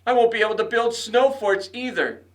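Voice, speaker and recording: A man's voice: extremely high pitch, a little fast, voice pushed up. A man voicing a cranky, grumbling male rabbit in a read-aloud storybook, complaining about spring. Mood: grumpy.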